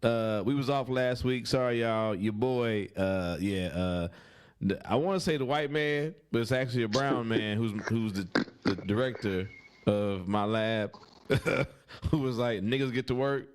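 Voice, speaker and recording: A man's voice: on the low side, unhurried, clear, resonant tone. A man hosting a casual podcast, joking and profane, laughing often and mimicking other people. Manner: animated, laughing, profane, does mocking voices. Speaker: podcast host. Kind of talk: casual comedic podcast banter.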